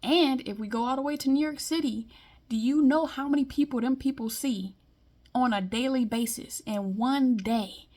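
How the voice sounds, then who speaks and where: Blunt, higher-pitched woman ranting. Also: normal speed, dark tone. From Detroit, US Midwest. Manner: blunt, emphatic, conversational. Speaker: vlogger. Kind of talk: casual monologue commentary.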